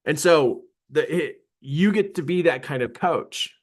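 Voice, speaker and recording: A man's voice: a little slow, hardly any pauses. A middle-aged man, a business coach, telling a story in a live coaching talk and acting out his own surprise. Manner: animated storyteller, voice jumping high for quoted surprise.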